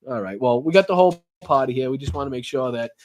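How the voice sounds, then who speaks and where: Guy hosting his podcast live from home, loose and chatty, mid-pitched voice, swears a lot. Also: fast. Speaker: political podcast host. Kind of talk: casual live-stream chat.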